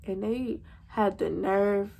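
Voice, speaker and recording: A woman's voice: mid-range voice, steady tone, takes it slowly, creaky, mellow. A young woman, telling a storytime vlog to her viewers in a slangy, chatty way. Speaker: vlogger.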